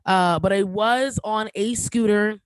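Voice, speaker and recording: A woman's voice: mid-range voice, takes it slowly, clean tone, no room sound, low-quality recording. A woman in her thirties hosting a podcast, talking candidly and with emotion, joking now and then, with many fillers and restarts. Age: 30s. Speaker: podcast host. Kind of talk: casual podcast monologue.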